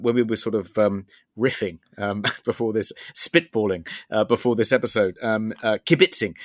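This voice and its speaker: A man's voice: on the low side, fairly even intonation, moderate pace, no echo, clean studio sound. A man co-hosting a podcast in casual chat, hesitant with many fillers and a wry tone. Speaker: podcast co-host.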